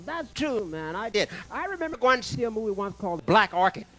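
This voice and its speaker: A man's voice: high-pitched, big pitch swings, brisk, sharp tone. A man doing stand-up comedy on a club stage, firing brash one-liners and teasing the live audience. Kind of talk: stand-up comedy with crowd work.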